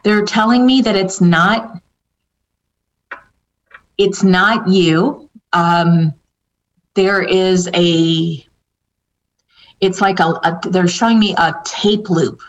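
Answering viewers as a psychic medium, a woman with a fairly low pitch speaks slowly, leaving long pauses. Her reading is casual and hesitant, filled with fillers and restarts as she passes on what the spirits say. The recording sounds dull and lo-fi.

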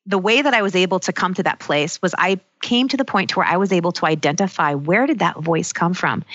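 A middle-aged woman coach speaking in an earnest, personal, reflective way, slowing down to stress her key points. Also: fairly low pitch, fairly bright tone, no room sound, lo-fi sound. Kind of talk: reflective self-help talk.

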